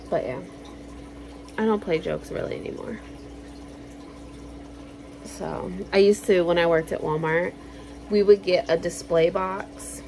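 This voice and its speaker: A woman vlogger telling stories in a casual, animated way, swearing freely and acting out quotes loudly. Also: fairly low pitch, measured pace, vocal fry, long pauses. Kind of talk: casual storytelling.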